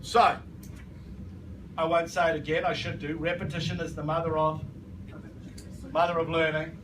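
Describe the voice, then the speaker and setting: A man with a fairly high voice leads a business training session in front of a live audience. He is emphatic and repetitive, and he keeps asking the room to confirm they agree. The recording picks him up from a distance, with a noisy room behind him. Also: little pitch movement, moderate pace. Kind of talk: motivational training talk.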